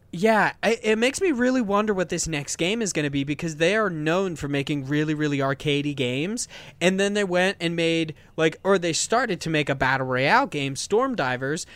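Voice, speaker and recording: Chatty, slightly high-voiced male podcast host. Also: a bit bright, clear, resonant tone, no room sound. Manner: chatty, enthusiastic, many fillers. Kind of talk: casual podcast chat.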